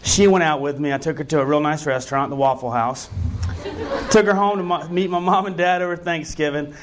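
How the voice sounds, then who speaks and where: A man preaches as a pastor, easing into personal stories in a conversational style. He leans into his points with earnest emphasis. His voice sits a touch high for a man. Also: fairly even intonation, brisk, a faint crowd, a little hiss or hum. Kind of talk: sermon.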